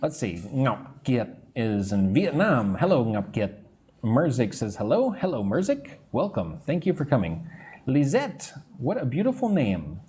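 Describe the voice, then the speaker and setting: A man teaching English on a live stream, modelling phrases slowly and greeting viewers between sentences. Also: medium pitch, huge pitch swings, warm tone, a little hiss or hum. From United States. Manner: slow, deliberate modelling of phrases, chatting with viewers.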